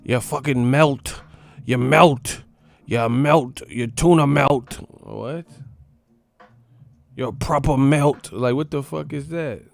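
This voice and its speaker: A man's voice: mid-range voice, slow pace, creaky. A man hosting a boxing channel, ranting casually on a live stream in a profane, mocking, rambling way.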